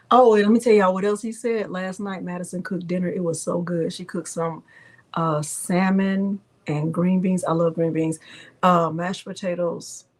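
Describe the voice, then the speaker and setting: A middle-aged woman hosting a live craft software tutorial, chatting with viewers by name while she demonstrates. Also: lowish voice, steady tone, a little slow.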